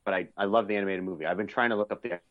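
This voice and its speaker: A man's voice: sits low, steady tone, rapid-fire. A young man co-hosting a podcast, chatting eagerly and rambling with lots of fillers. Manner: enthusiastic, rambling with many fillers. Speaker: podcast co-host. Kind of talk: casual chat. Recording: dull lo-fi recording.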